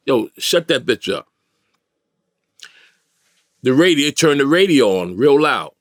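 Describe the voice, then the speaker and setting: With a mid-range, fairly bright voice, a middle-aged man from New York spins a vivid street-style tale as a studio interview guest, mimicking the voices of the people in it. There's no room sound.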